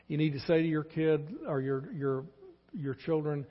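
An older Texan pastor in his sixties delivers a sermon with earnest, pleading emphasis. His voice sits a little high and sounds somewhat husky. The recording is dull and lo-fi, with long church reverb trailing his words. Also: fairly even intonation, moderate pace. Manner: earnest, pleading, repeats key phrases. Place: church sanctuary.

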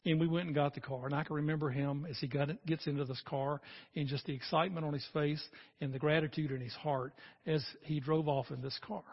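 A man's voice: fairly high pitch, steady tone, fast talker, breathy edge, lo-fi sound. A man in his sixties preaching a sermon as a pastor, talking earnestly and conversationally and building to emphatic peaks.

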